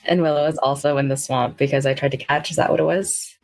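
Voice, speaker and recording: A woman's voice: rumbling low, fairly even intonation, quick pace, creaky, a little mellow. A woman playing a tabletop game, musing aloud with hesitations. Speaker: player.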